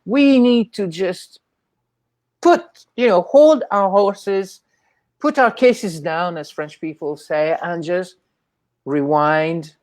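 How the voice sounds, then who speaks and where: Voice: mid-range voice, slow, no room sound. A guest in a casual interview, telling rambling anecdotes and acting out the voices of people in the stories. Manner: acts out quoted voices.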